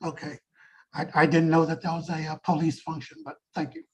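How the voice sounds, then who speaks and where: A man on a review board asking a clarifying question at a meeting in a measured, slightly hesitant way. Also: on the high side, flat delivery, darkish tone, slightly rough, poor audio. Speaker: board member. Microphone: video call.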